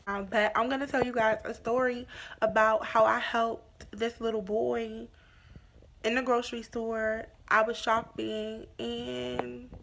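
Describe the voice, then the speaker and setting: A woman's voice: fairly high pitch, creaky, a little hiss or hum. A young woman casually telling a personal story on her vlog, acting out the dialogue as she goes. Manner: animated retelling with quoted dialogue.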